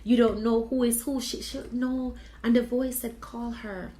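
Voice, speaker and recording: A woman tells a personal story in an animated way, acting out the dialogue. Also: on the high side, normal speed, low-quality recording. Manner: animated, expressive retelling with quoted dialogue. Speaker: video blogger.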